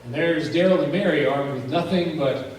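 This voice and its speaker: A man preaching from the pulpit, telling a story with drama and acting out each character's lines. His voice sits a bit high for a man. It comes from some distance off in a big, echoing church with a faint hum underneath. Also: a little fast. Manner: dramatic storyteller, acts out dialogue with rising intensity. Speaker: pastor. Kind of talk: sermon storytelling. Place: church sanctuary. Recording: echoey church heard from a distance.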